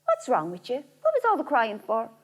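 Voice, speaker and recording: A woman voicing three strange old spinning women, excited and eager. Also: on the high side, normal speed. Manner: excited, chiming in together.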